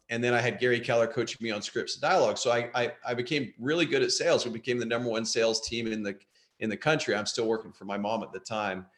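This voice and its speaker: Candid man in his fifties, echoey room. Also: fairly low pitch. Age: 50s. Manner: candid, self-deprecating, restarts often. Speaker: guest speaker. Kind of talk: motivational talk to an audience.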